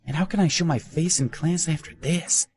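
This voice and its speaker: A man's voice: on the low side, big pitch swings, normal speed, darkish tone. Lovestruck young guy, blurting and hot-headed, voiced by a man. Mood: anxious. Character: lovestruck, hot-headed male college student.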